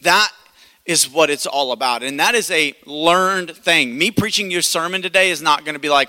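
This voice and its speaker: A man in his thirties preaching a sermon, telling a personal story in an animated way and acting out the voices. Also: fairly high pitch, normal speed. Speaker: pastor. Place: church hall. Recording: long hall reverb.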